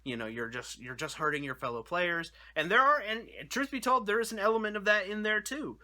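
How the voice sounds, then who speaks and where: A man's voice: high-pitched, animated, a little fast, pushed and bright. A young adult man hosting his own channel, talking casually to his viewers in a rambling, jokey way with lots of restarts and "you know". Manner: rambling, self-correcting, chatty with frequent "you know". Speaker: YouTube channel host. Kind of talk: casual talk to camera.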